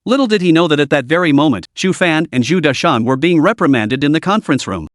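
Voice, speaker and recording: A male narrator with a fairly high voice that swings widely in pitch, reading a scripted story recap with dramatic flair. The sound is close and dry, with no room around it. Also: lively intonation, fast talker, dry recording.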